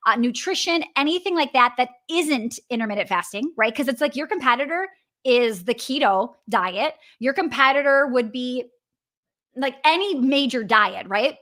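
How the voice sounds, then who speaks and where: Upbeat high-voiced woman with Wisconsin accent. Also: animated, moderate pace, sharp tone. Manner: chatty, upbeat, peppers talk with "right?" and "okay?". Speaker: business coach and host. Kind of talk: live coaching session answering viewers.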